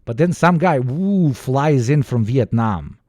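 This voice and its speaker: A man's voice: medium pitch, animated, slow pace, dark tone, no echo, studio quality. A young man from the former Yugoslavia giving a casual, profane, ranting reaction commentary and mimicking other people. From former Yugoslavia, Balkans. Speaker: reaction streamer.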